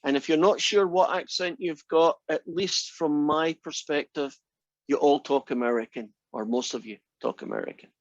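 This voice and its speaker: A Scottish man teaching a college math class, relaxed and chatty with a dry, teasing humor. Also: a little high, moderate pace, no room sound, lo-fi sound. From Scotland. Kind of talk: classroom lecture.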